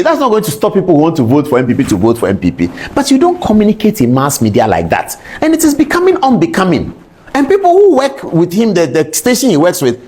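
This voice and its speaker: A man with a Ghanaian accent giving emphatic political commentary, repeating his points and addressing people directly. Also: high-pitched. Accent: Ghanaian English. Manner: repetitive, rhetorical, appealing directly.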